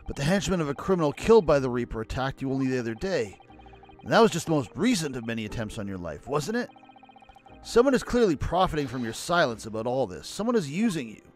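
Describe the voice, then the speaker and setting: A man's voice: medium pitch, sing-song, quick pace, faint music behind, natural voice. A man voicing an earnest young defense lawyer in a video game, speaking in a persuasive, sincere way. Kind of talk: reading game dialogue aloud.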